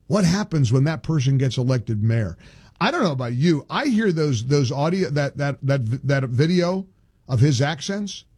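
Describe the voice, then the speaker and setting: A man's voice: fairly high pitch, darkish tone, husky, no room sound, studio quality. A male talk show host giving indignant, emphatic political commentary, often restarting his sentences.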